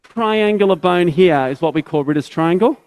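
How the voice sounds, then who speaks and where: A man's voice: high voice, normal speed, a little mellow, clear, resonant tone, no echo, low-quality recording. A man, a surgeon, giving step-by-step teaching commentary during a live operation, often checking in with tag questions.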